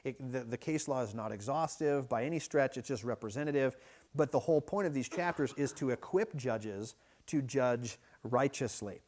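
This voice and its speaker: A man preaching a midweek Bible study sermon, teaching in a conversational way that is often broken by restarts and quick "right?" checks. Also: mid-range voice, darkish tone. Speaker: pastor. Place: church.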